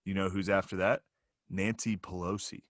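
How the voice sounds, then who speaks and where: A man doing an impression of his grumpy, sarcastic older father, muttering low and quietly. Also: level tone, moderate pace, dry recording, clean studio sound, natural voice. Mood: conspiratorial.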